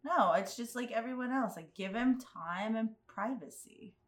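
Woman with wry deadpan remarks. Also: a little high, normal speed. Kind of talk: casual chat.

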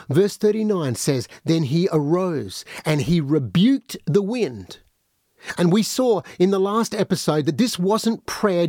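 A man's voice: high-pitched, dry recording, studio quality. A man preaching a podcast sermon, addressing listeners directly and acting out the voices he quotes. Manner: animated, acts out quoted voices.

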